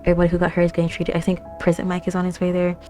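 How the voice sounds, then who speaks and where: A young woman hosting an anime reaction, talking casually with lots of fillers, gasps and excited exclamations. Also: on the low side, rapid-fire, soft background music. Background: anime episode soundtrack playing.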